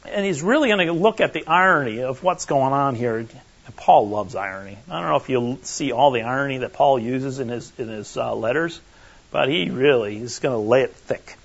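A man preaching a conversational sermon, animated and emphatic, often checking in with his listeners. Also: mid-range voice, normal speed, gravelly, slightly rough. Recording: muffled lo-fi recording.

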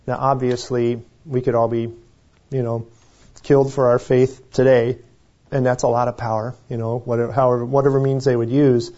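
A man with a mellow, dark voice leads a Bible study in a casual, chatty way. He often restarts his sentences and laughs softly. The recording sounds dull and lo-fi. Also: mid-range voice, little pitch movement, normal speed. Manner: conversational, self-correcting, chuckles. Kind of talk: informal Bible teaching.

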